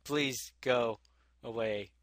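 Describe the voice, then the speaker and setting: A man's voice: mid-range voice, very slow, no room sound, studio quality. A man co-hosting a podcast, signing off in a joking way. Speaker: podcast co-host. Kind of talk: casual podcast sign-off.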